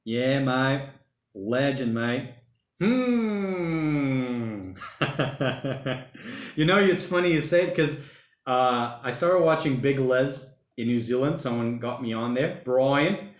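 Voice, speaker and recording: Livestream host, male, mid-pitched, rambling and slangy, reading chat aloud in a roomy, echoey space. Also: animated, takes it slowly, pauses often. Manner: rambling, chatty, uses slang like mate and bloody. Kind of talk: casual livestream chat reading viewer comments. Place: home during lockdown.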